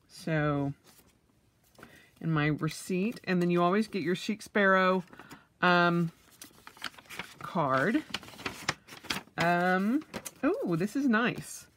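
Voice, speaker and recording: A woman's voice: on the low side, fairly bright tone, a little hiss or hum. A woman vlogger, middle-aged, unboxing purchases in a casual vlog, gushing with oohs and yays.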